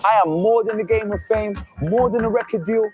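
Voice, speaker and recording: A man's voice: high voice, fairly quick, highs cut off, music in the background. A man performing spoken-word poetry in a rhythmic, declamatory way.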